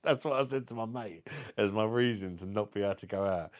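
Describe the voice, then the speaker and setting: A man's voice: fairly low pitch, fast. A man in his thirties telling rambling personal stories in casual chat, swearing freely and often checking in with his listener. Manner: keeps saying "do you know what I mean". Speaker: beer review vlogger.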